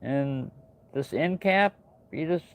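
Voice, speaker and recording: A man's voice: on the high side, slow pace. A man hosting a casual livestream, telling a long story in a rambling way, with many fillers and restarts. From New Mexico. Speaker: channel host. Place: home in Texas.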